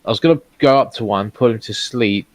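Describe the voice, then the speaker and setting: A man's voice: on the low side, fairly quick, no echo. A man playing a tabletop role-playing game, thinking aloud and weighing his options with some hesitation. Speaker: player.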